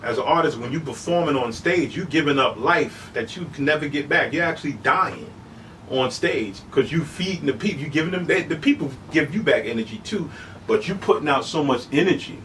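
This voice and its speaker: A middle-aged man telling stories as an interview guest, animated and casual, often saying "you know what I'm saying". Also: a little high, brisk, far from the mic, slight background noise, poor audio. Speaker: human beatboxer, interview guest.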